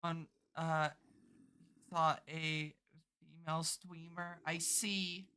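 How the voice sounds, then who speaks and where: A woman streams a game, muttering to herself while she plans her build and swearing casually as she chats. Her voice sits low and sounds level, slow, sharp and clean.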